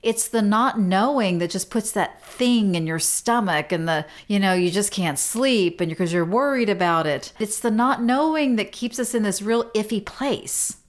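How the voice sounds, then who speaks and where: Middle-aged woman, podcast host, casual storytelling, animated, self-deprecating, laughs a lot, middle pitch. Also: normal speed, hardly any pauses.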